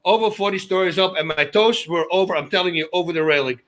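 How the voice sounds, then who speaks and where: A man, an interview guest telling wild anecdotes in an excitable way and laughing often. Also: sits high, quick pace, a little hiss or hum. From Netherlands. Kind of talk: animated storytelling in a casual interview.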